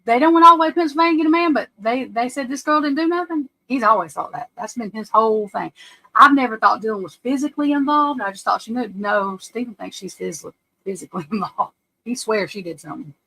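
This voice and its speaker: A woman hosting a live stream, giving casual true crime commentary in a blunt, profane, animated way and often laughing. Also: on the high side, fast talker, vocal fry, poor audio. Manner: laughs often while telling stories. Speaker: livestream host. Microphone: webcam or desk mic on a live stream.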